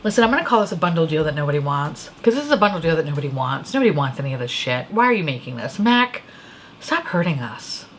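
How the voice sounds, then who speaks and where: A woman's voice: low-pitched, very animated, fast talker, a little hiss or hum. A young woman hosting a casual beauty review, ranting with profanity, sarcasm and exasperation. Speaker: beauty video host.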